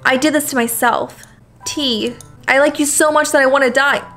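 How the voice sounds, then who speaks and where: A woman voicing a sweet, fragile teenage schoolgirl who is heartbroken, reading a visual novel aloud in a soft, wavering, slow voice. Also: high-pitched, fairly even intonation, faint music behind. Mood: sad.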